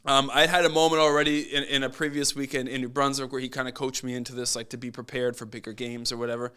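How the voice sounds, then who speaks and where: A man guesting on a podcast as a basketball coach, telling stories in a casual, animated way and acting out what people said. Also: medium pitch, fast, smooth. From Nova Scotia, Canada. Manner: animated, acts out quoted voices. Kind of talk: casual storytelling.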